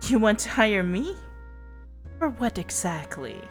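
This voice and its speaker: A woman's voice: mid-range voice, very animated, unhurried, soft background music, pitched above the performer's own voice. A woman voicing a blunt, tough adult woman investigator from a visual novel, curt and dry. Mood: guarded.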